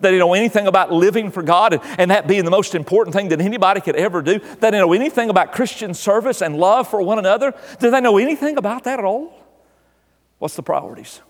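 A man's voice: high voice, quick pace, in a large hall. An older man preaching a sermon as pastor, his delivery swelling and dropping in volume. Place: church.

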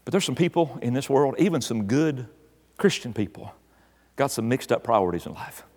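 A man's voice: mid-range voice, animated, normal speed, darkish tone, in a large hall. An older man preaching a sermon as pastor, his delivery swelling and dropping in volume. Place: church.

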